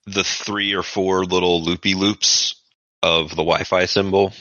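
A man with a very low voice narrates a tabletop game as its game master in a loose, casual way. His tone is bright and forceful, and the audio is dry and dull like a lo-fi podcast recording. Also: flat delivery, a little slow, no room sound.

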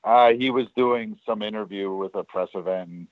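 A man's voice: on the low side, normal speed, no room sound. A man telling stories as an interview guest about his years working at a studio, rambling with many fillers and restarts. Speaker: guest, former studio worker. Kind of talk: casual storytelling interview. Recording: tinny phone-like line.

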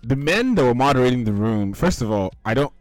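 A man's voice: mid-range voice, animated, a little fast, dry recording, faint music behind. A man hosting a casual podcast, telling a story with laughter and acted-out quotes. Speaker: podcast host. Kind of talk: casual ranting chat.

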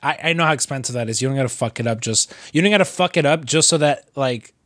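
A man's voice: medium pitch, quick pace, fairly bright tone, dry recording, clean studio sound. A man with a cold co-hosting a podcast, rambling in casual chat with lots of restarts and swearing. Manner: rambling, many restarts and fillers, profane. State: sick with a cold. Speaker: podcast co-host.

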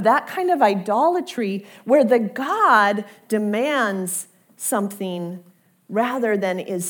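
Slow-paced woman preaching a sermon. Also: medium pitch. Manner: conversational, repeats words as she builds a point.

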